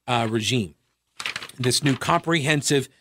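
A man's voice: measured pace, fairly bright tone, slight background noise. A man hosting a radio talk show, delivering a sarcastic solo monologue with mocking asides. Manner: sarcastic, mocking asides, wide pitch swings.

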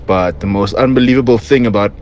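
A man's voice: fairly low pitch, quick pace, darkish tone, muffled recording, a little hiss or hum. A man co-hosting a radio show, amused and teasing in casual chat. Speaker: radio co-host.

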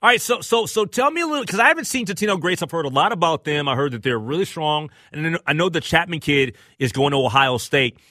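A man's voice: fast, hardly any pauses, dry recording, studio quality. A man hosting a radio talk show, chatting casually and agreeably with his co-host and a guest. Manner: conversational, agreeable, rises in pitch when excited.

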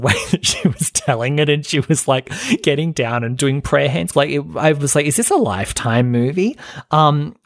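A man chatting casually as a podcast host, gossipy and animated, slipping into dramatic impressions. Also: mid-range voice, no room sound, clean studio sound. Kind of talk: casual chat recap.

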